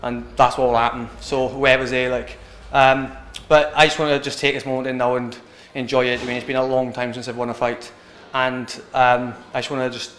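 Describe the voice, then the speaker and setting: Young man, British fighter, casual rambling, quick, echoey room, faint background hum. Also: mid-range voice, level tone, a bit bright. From Britain. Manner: rambling, casual, keeps asking "do you know what I mean". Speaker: MMA fighter. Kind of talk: post-fight interview.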